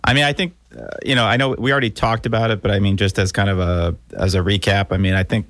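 Deep monotone guy on a podcast, dry close sound, lots of "um"s. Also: fast, no room sound. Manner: steady, explanatory, many fillers. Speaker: podcast co-host. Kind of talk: casual chat.

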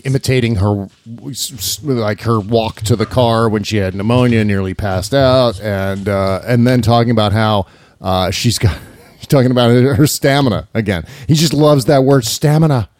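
A man's voice: lowish voice, normal speed, a little mellow, no echo. A man co-hosting a political podcast, talking in a sarcastic, mocking way into a studio microphone. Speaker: podcast co-host. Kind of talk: casual political podcast chat. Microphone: studio mic with headphones.

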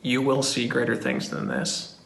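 A man reading a passage of scripture aloud in a steady, measured way. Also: medium pitch, vocal fry. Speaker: scripture reader. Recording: echoey room.

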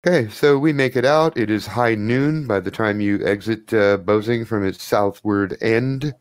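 Man, game master, low voice, dry sound, relaxed narration, filler words. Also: normal speed, no room sound.

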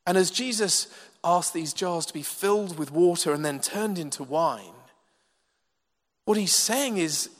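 Slow, emphatic preacher in a hall. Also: male voice, high voice. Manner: measured, emphatic preaching with dramatic pauses. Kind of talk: sermon. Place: church hall. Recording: long reverb of a large hall.

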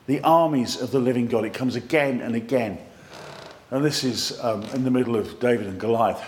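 Speaking at a moderate pace in a mid-range voice, a man delivers a sermon that's lively and conversational, with jokes thrown in. He reads scripture with heavy emphasis.

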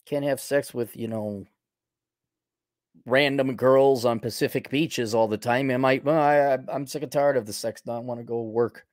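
A man's voice: medium pitch, steady tone, normal speed, dry recording, studio quality. A man with a Milwaukee accent hosting a podcast, reading viewer donations and giving blunt, opinionated answers. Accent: Milwaukee, Upper Midwest. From Milwaukee, Wisconsin. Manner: blunt, opinionated, drops into mock voices. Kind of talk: casual livestream commentary.

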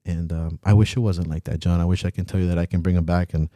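A man's voice: deep voice, fairly even intonation, fast talker, warm tone, dry recording. A young man co-hosting a podcast, talking bluntly and emotionally, swearing freely. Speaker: podcast co-host. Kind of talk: candid podcast chat.

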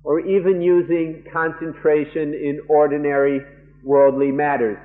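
Monk guy interpreting a dharma talk, really slow careful phrases, sounds like an old phone-quality tape. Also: a little high, flat delivery. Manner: measured, halting phrases with frequent pauses and restarts. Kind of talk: live interpretation of a dharma lecture. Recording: muffled lo-fi archival tape, phone-like band.

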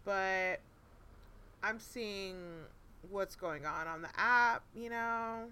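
A woman in her late twenties co-hosting a podcast, telling stories in a profane, animated way and laughing often. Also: medium pitch, extremely slow, noisy background. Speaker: podcast co-host. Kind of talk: casual chat, storytelling.

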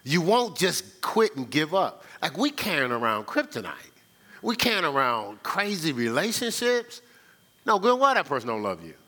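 Man, pastor, sermon, lively swinging pitch, bright forceful voice. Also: normal speed. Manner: preaching with sudden rises and drops in pitch, call-and-response "right?"; repeats words when starting phrases.

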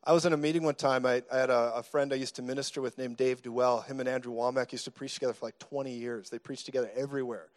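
A man preaching a sermon, telling stories in an animated, joking way with sudden loud bursts. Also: medium pitch, quick pace, few pauses. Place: church meeting hall.

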